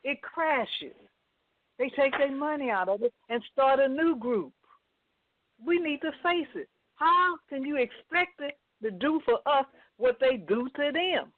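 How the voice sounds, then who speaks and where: Brief: emphatic female caller, high voice, tinny phone sound. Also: animated, unhurried, no echo. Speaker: caller on a talk radio show. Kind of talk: casual call-in commentary. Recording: tinny dry phone line.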